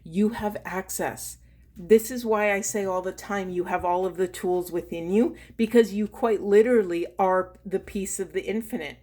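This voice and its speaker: A woman, a spiritual coach, doing an intuitive card reading in an earnest, slow and emphatic way, pausing to feel for her words. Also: mid-range voice, mellow.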